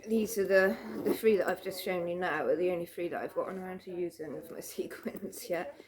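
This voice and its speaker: A British woman chatting casually into a camera at home, rambling cheerfully with plenty of fillers and little laughs. Her voice sits a bit low for a woman. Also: brisk, noisy background. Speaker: vlogger. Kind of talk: casual show-and-tell chat. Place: home room.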